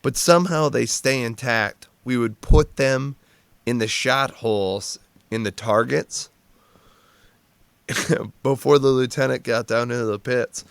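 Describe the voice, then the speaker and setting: A man's voice: mid-range voice, measured pace, creaky, clean tone, no echo. Laughing, profane man telling service stories. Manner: laughing, profane, rambling with restarts. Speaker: podcast guest, Marine veteran. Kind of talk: casual storytelling chat.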